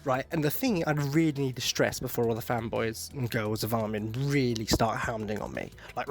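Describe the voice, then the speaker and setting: Young male podcast host, mid-pitched, rambling and chatty, with faint background music. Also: lively intonation, moderate pace, few pauses. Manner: rambling, self-interrupting, joking asides. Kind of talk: casual solo podcast talk.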